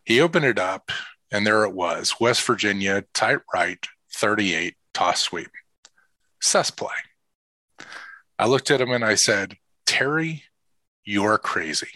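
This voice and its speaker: A middle-aged man tells a heartfelt personal story in an earnest, emotional way. His voice sits fairly low yet sounds bright and forceful, recorded close and dry with no room sound. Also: a little slow, long pauses, no room sound. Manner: earnest, emotional, quotes others in lively voices. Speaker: father and assistant football coach.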